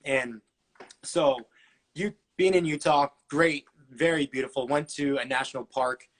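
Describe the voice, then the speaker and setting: A man's voice: medium pitch, a little slow. A man in his twenties, a podcast guest, telling his story casually with lots of fillers and acted-out dialogue. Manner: chatty, many fillers, acts out dialogue.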